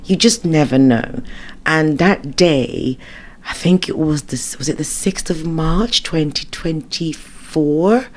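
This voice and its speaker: A middle-aged woman from the United Kingdom, a guest in a casual interview, telling her stories in an animated, emotional way and acting out her own thoughts. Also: low-pitched, takes it slowly. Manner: animated, emotional storytelling with lots of quoted inner thoughts.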